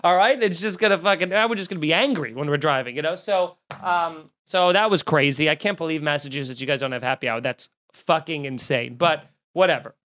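A man with a high-pitched voice tells a rambling travel story on a podcast. He talks casually, jokes a lot and swears freely. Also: fairly quick, hardly any pauses. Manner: animated, profane, jokey anecdotes.

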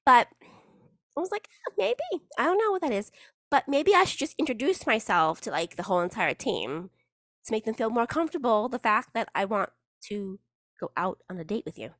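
A woman's voice: fairly high pitch, very animated, brisk, fairly bright tone, dry recording, clean studio sound. A woman hosting a casual solo podcast in a chatty, rambling, playful way, with the odd swear word. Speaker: podcast host.

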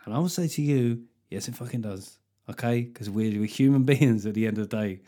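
A man's voice: medium pitch, brisk, mellow. A middle-aged man hosting a podcast. He rants in a casual comic monologue, swears a lot and plays up mock outrage. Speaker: podcast host.

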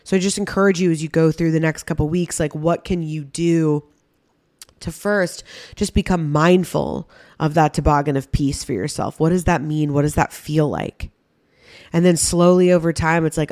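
A woman podcast host, heavily pregnant, reflecting out loud in a candid, casual way and swearing freely. Her voice sits fairly low for a woman. It is recorded close and dry, with no room around it. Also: steady tone, brisk, no room sound. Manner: candid and conversational, swearing casually, many fillers.

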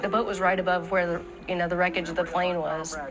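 A woman's voice: lowish voice, fast, over loud music. A mother in an interview, retelling events casually and acting out what people said. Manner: animated, acts out quoted dialogue.

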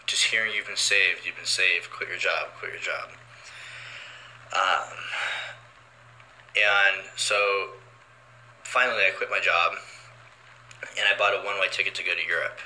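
A young man telling a personal testimony in a halting, earnest way, full of restarts and pauses. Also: deep voice, sharp tone, a little hiss or hum, rough recording. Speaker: storyteller sharing a testimony. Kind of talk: personal testimony, casual retelling.

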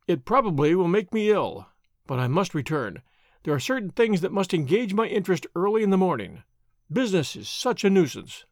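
Man voicing a bored young nobleman, drawling, sly, lively pitch, dry sound. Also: fairly quick, no echo. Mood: languid. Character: languid wealthy young Spanish nobleman, lazy and mocking.

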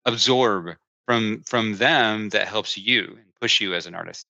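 A male podcast host asks relaxed questions with a very bright, sharp voice. The sound is dry and close but somewhat dull and lo-fi. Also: lowish voice, a little slow, gravelly, no echo. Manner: brief affirmations, conversational questions. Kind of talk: interview questions.

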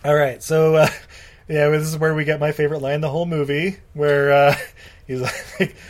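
A man's voice: a little high, flat delivery, normal speed. A man co-hosting a casual movie chat, giggling and quoting lines from the film. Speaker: podcast co-host.

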